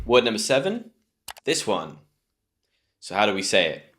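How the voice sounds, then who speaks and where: A British man with a British English accent, teaching English pronunciation to camera and slowly repeating words clearly. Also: fairly low pitch, sing-song, a bit bright. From Britain.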